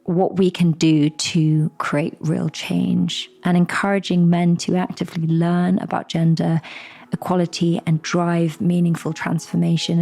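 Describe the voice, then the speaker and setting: A woman with a slightly low voice hosts a casual podcast. She is enthusiastic, laughs easily, and her pitch leaps up when something excites her. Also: vocal fry. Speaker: podcast host. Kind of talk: casual interview chat.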